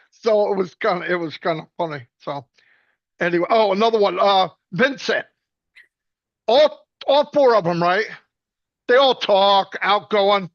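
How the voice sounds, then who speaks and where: High-voiced man telling joking stories. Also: a bit bright, no room sound. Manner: rambling, joking, quick restarts. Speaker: speaker at a celebration. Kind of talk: casual storytelling tribute. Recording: dull dry lo-fi sound.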